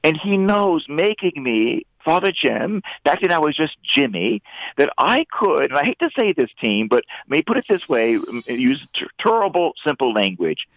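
Earnest priest talking on studio radio. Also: male voice, on the high side, normal speed, dry recording, rough recording. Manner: earnest, preacherly, swings into lively emphatic bursts. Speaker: priest and radio show regular. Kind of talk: radio talk on faith.

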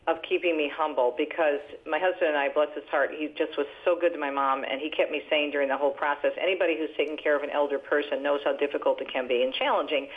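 A woman's voice: deep voice, quick pace, few pauses. Older woman on a tinny phone line. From New Jersey, US. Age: 60s. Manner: lively, animated storyteller with laughs. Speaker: radio talk show host and author, guest. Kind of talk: phone-in interview, storytelling.

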